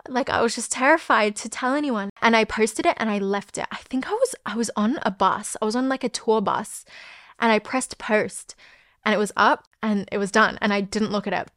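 A woman's voice: fairly high pitch, normal speed, a bit bright, no echo, clean studio sound. A young woman, hosting a podcast and telling a personal story in a candid, chatty way, full of "like" and the odd swear word. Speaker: podcast host.

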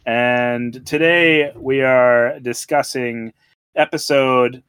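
A man's voice: mid-range voice, steady tone, takes it slowly, fairly bright tone, clean tone, no echo, studio quality. A man hosting a casual podcast, laid-back and meandering, chuckling between lines. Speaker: podcast host.

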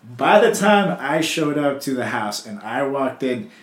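A young man hosting a casual chat, telling stories in an animated way, swearing and acting out quotes. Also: medium pitch, a little slow, roomy sound.

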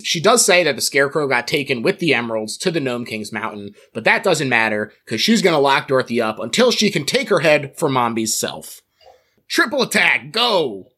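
Playful bright-voiced man host. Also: mid-range voice, very animated, fairly quick, few pauses. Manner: playful, laughs at his own jokes. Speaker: podcast host. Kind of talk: plot recap and casual chat.

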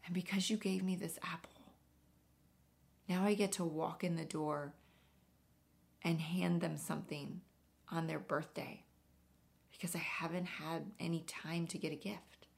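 A woman playing a worn-out working mother on the edge of tears, speaking low and hushed, nearly whispering. The voice sits low and has a gravelly catch. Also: steady tone, measured pace, pauses often. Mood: tearful. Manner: soft, half-whispered. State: crying. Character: exhausted working mother, weeping quietly.

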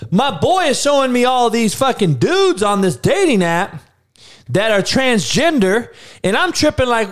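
High-voiced, animated, profane male host. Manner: profane, animated, rambling with frequent restarts. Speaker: livestream show host. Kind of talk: casual unscripted rant to a live chat.

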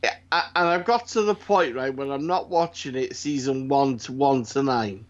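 A man's voice: medium pitch, normal speed, lo-fi sound. A man in casual chat, sweary and enthusiastic, often restarting his words.

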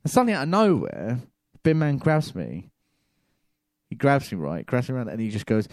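A man's voice: medium pitch, normal speed, long pauses, no echo, clean studio sound. A man telling a rambling comic story, often stammering and repeating himself. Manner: animated, stammering, telling a tall tale.

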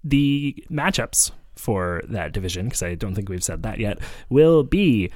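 Male podcast co-host, animated, chatty, dry booth sound. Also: lowish voice, measured pace, dry recording. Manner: lively, playful, lots of fillers. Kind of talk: casual chat.

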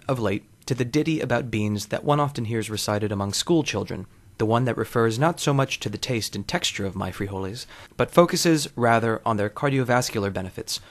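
Brief: male host, lowish voice, dry wordy scripted narration. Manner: wry, wordy, deadpan. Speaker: podcast host.

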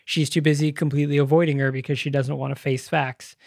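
A man's voice: a little high, level tone, quick pace, creaky, darkish tone, no echo, clean studio sound. A man co-hosting a podcast, retelling a movie in casual chat, emotional and rambling with many fillers. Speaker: podcast co-host.

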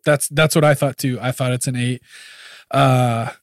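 Male podcast co-host, mid-pitched, dry close mic, agreeable, runs the segments. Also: fairly even intonation, moderate pace, no echo. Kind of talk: casual chat reviewing a TV episode.

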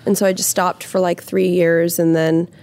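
A young woman who acts, chatting casually and animatedly, swearing freely and acting out what people say in lively voices. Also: fairly low pitch, moderate pace. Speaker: actress, podcast guest. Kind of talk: casual chat.

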